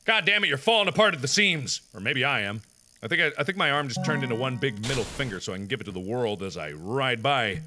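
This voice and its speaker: A young man giving loud, jokey let's-play commentary, swinging between deep mutters and high yelps. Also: animated, fast talker, music in the background. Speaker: gaming video host.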